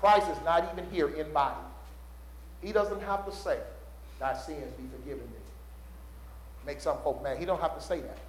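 A male preacher delivers a sermon with call-and-response, building loud and dropping low. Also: a little hiss or hum. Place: church sanctuary. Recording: roomy church echo.

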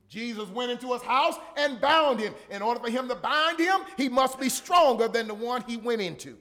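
A man preaching a sermon to a congregation, asking rhetorical questions and building up to shouts. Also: very high voice, lively intonation, normal speed. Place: church.

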